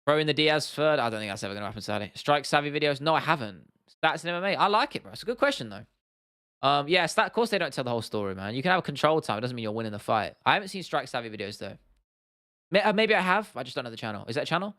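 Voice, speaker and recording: Blunt, swearing livestream host. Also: male voice, medium pitch, sing-song, rapid-fire, sharp tone, no room sound, studio quality. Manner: blunt, opinionated, swears freely, restarts often. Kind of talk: casual livestream chat answering viewers.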